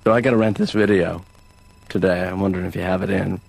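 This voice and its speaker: Cast: a low, deadpan cartoon slacker son with a dry, sarcastic delivery. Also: male voice, fast talker, vocal fry. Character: deadpan, idle adult son of the therapist. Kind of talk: dry animated sitcom dialogue.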